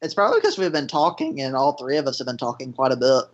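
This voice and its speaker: A co-host in a casual movie commentary, with a voice that swings widely in pitch and often restarts mid-sentence. The recording is dull and lo-fi. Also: huge pitch swings, quick pace. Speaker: podcast co-host.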